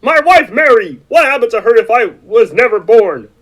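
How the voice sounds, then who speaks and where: A woman voicing a frantic, desperate male frog hero in a fan-made radio play, pleading and often shouting. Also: on the high side, sing-song, normal speed.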